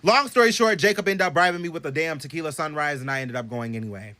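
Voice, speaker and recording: A young man casually telling a story to his phone camera at home, animated and profane, swinging from loud bursts to hushed asides. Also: fairly high pitch, quick pace. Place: bedroom at home.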